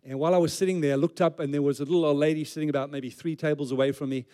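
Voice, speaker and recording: A man preaches a sermon in a relaxed, conversational way, slipping in light jokes between his points. His voice sits a little higher than most men's. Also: racing. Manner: conversational preaching with joking asides. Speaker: pastor.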